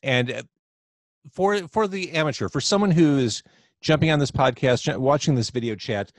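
A man with a medium-pitched voice hosts a casual live podcast over a video call from indoors at home. He speaks at a normal speed, upbeat and teasing toward his guest. The audio has no room sound.

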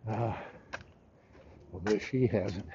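A man's voice: fairly low pitch, dull audio, background noise. An older man hosting a casual livestream while walking in a city park, rambling and out of breath. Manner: rambling, chatty, pauses often. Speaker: show host. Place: outdoors in a big city park.

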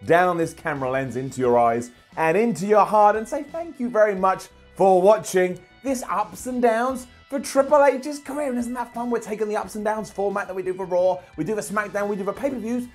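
A man hosting a wrestling video, talking in a jokey, sarcastic and animated way. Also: sits high, brisk, few pauses, soft background music. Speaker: wrestling show host. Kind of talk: casual video commentary.

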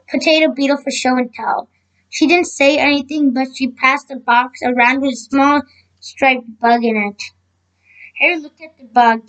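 A woman's voice: high voice, fairly bright tone, poor audio. A woman reading a children's chapter book aloud, often slipping on words and correcting herself. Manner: frequent slips and self-corrections. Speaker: storybook reader.

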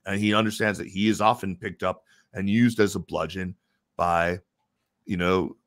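A man with a fairly low voice speaks as an interview guest, laying out his points in a measured, explanatory way. He pauses and restarts now and then while thinking aloud. The sound is dry and close, with no room around it. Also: a bit bright, dry recording. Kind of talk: casual conversational interview.

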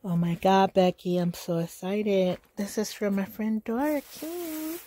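Slow-talking excited woman vlogger. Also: medium pitch, dry recording. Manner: gushing, excited, repeats exclamations. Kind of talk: casual storytime vlog. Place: at home. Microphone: phone camera held in one hand.

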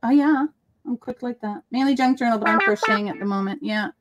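A high-pitched woman chatting casually while crafting on a livestream. She rambles along with lots of quick asides. Her talk is relaxed and conversational. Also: lo-fi sound, very noisy. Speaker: livestream host.

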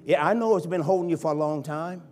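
A man with a notably high voice preaches a sermon in a church. He is fervent and dynamic, sinking to quiet pleading and then surging to full-voiced cries as a bishop. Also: quick pace, soft background music. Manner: impassioned preaching that swings from hushed to shouting. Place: church sanctuary.

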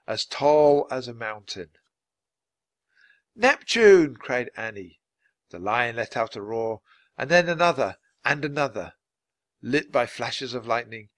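A man reading a children's adventure book aloud, clear and steady for language learners. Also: medium pitch, dry recording. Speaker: storybook reader.

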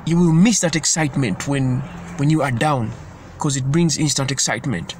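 A man's voice: mid-range voice, moderate pace, darkish tone, slight background noise. Earnest man preaching with restarts. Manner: earnest, repetitive, stumbles and restarts. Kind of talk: informal sermon.

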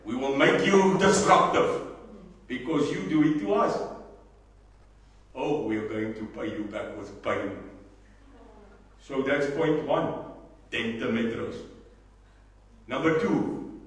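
A man with a South African accent giving a rousing political speech, emphatic, swinging from low asides to shouting. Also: expressive, takes it slowly, pauses often. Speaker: political party leader. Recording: echoey hall, mic far off.

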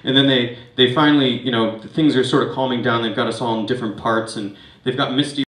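A man's voice: mid-range voice, fairly even intonation, brisk, a bit bright. A man doing stand-up, casually telling a drunken story with plenty of swearing. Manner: casual, rambling, swears freely. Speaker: comedian and host. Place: small venue with live audience. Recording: echoey room from far off, faint noise.

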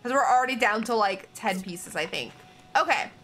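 Playing a game for her channel, a young woman with the hiccups chats to viewers and thinks aloud in casual commentary. Her fairly high, expressive voice has a sharp tone and a moderate pace, with slight background noise.

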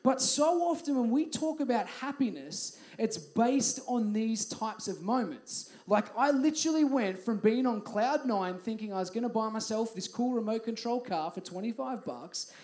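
A man's voice: very high-pitched, moderate pace, hardly any pauses, darkish tone. Chatty young Australian man preaching. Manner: chatty, storytelling, playful. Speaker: youth pastor. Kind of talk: youth group talk. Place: youth group hall.

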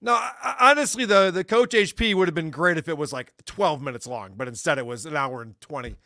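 A man's voice: a little high, fairly quick, sharp tone, no room sound, clean studio sound. A man talking as a podcast guest in casual chat, ranting with sarcasm and swearing.

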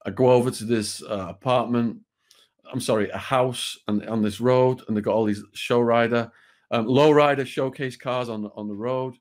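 A man's voice: mid-range voice, moderate pace. A British man, a guest on an interview show, telling a true story in a vivid, blunt way with the odd swear word.

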